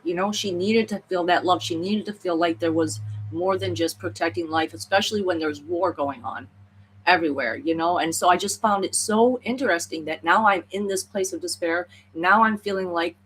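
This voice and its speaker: Her voice is on the low side with a fairly bright tone, at normal speed, with slight background noise in the recording. She's a tarot reader rambling through a personal story in a reflective vlog, earnest and emotional, leaning on "like" and "you know."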